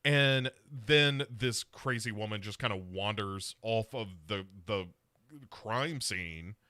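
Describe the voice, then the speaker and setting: A man's voice: lowish voice, slow pace, sharp tone, no echo, clean studio sound. A male podcast co-host recapping films in casual chat, telling the story with animation and acting out the characters.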